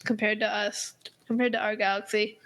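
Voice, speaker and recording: A teenage girl in casual chat, talking in an animated, rambling way with many fillers and restarts. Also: medium pitch, moderate pace. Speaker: co-host.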